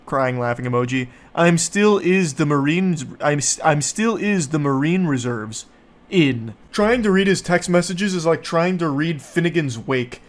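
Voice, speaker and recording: A man doing a comedic reaction reading as an online commentator, with a dry, sarcastic, deadpan delivery. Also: fairly high pitch.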